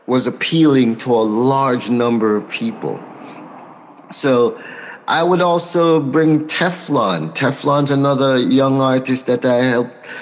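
An American man talks through an interview as a record producer. He is measured and unhurried, pausing often with soft fillers, yet stays forthright and outspoken. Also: medium pitch, a little hiss or hum. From United States. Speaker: record producer and label owner. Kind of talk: interview answers.

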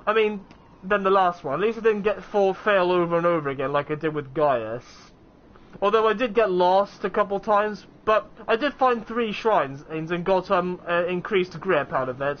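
A man's voice: high voice, dull audio. A young man casually commenting while playing a video game, chatty and rambling, often restarting his sentences. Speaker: let's play gamer.

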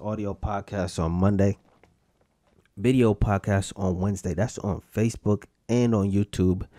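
Low-voiced man, casual podcast host, rambling self-mocking rant, dry close sound. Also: a little mellow, no echo. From United States. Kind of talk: casual solo podcast monologue.

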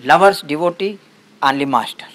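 A man as a spiritual teacher, giving a satsang talk and telling a story in simple, broken English with short, halting phrases. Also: fairly high pitch, a bit bright.

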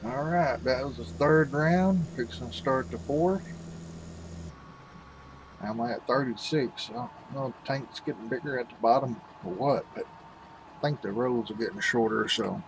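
A man's voice: medium pitch, measured pace, gravelly, background noise. Folksy man chatting over a game. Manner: folksy, rambling, talks to the viewers as "folks". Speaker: gaming channel host. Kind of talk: casual game commentary.

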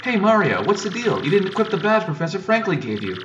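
A man's voice: sits high, sing-song, quick pace, highs cut off, pitched above the performer's own voice. A man voicing a peppy, squeamish young female mushroom creature from a video game. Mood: chirpy. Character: chirpy know-it-all young female Goomba. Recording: distant mic with loud game music.

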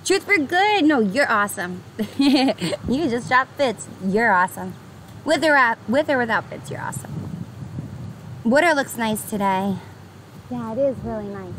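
A young woman with a New York accent, chatting casually and brightly with her live-stream viewers, greeting them by name and laughing often. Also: fairly high pitch, animated, a little slow. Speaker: livestreamer. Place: outdoors by the water on a pier. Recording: noisy outdoor stream with traffic.

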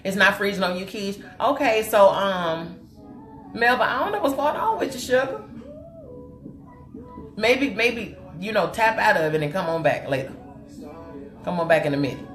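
Animated woman hosting a makeup live stream. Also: mid-range voice, normal speed, pauses often. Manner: animated and chatty, greets viewers with terms of endearment. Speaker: host of a live makeup tutorial. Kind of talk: live-stream chat with viewers while demonstrating makeup. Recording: roomy echo with faint music behind.

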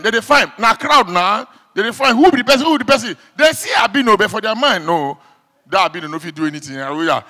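A Nigerian Pidgin-speaking comedian with a high, bright voice that leaps all over its range. He acts out every character and shouts the sound effects. The long reverb of a live hall trails behind him. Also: lively intonation, fairly quick. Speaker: stand-up comedian. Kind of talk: stand-up comedy routine.

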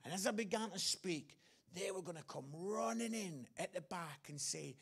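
A man's voice: high-pitched, moderate pace, slightly rough. A man with an English accent preaching a sermon as a guest speaker, telling a story earnestly and repeating his phrases.

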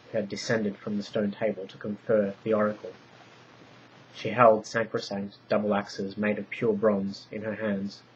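A low-voiced man reads a story aloud in a measured, descriptive way. The recording is dull and lo-fi, with a faint hiss behind him. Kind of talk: scripted narration.

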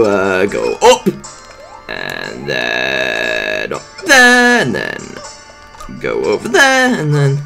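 A young man talks through a platform game in loose, rambling commentary. His pitch swings widely from low mutters to high yelps, and he peppers everything with swearing and silly asides. Quiet game music plays behind him. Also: gravelly. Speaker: gameplay commentator. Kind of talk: casual let's play commentary.

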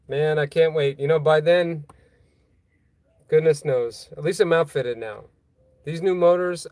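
Holding his phone at a boatyard, a man runs a casual livestream, working through viewer comments with self-deprecating rambling and frequent laughs. His voice is mid-range and darkish, and the recording sounds dry.

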